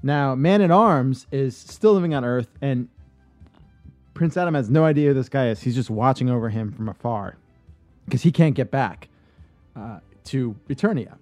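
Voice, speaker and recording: A man on a podcast casually pitching a movie idea, rambling with lots of fillers and restarts. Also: expressive, normal speed, darkish tone, no room sound, faint music behind.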